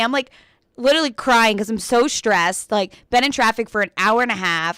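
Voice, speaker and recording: Young woman, radio co-host; animated rant, smooth clear voice, dry studio sound. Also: a little high, fast talker, no echo. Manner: animated, frequent "like", laughs while telling. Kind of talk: casual radio chat, storytelling rant.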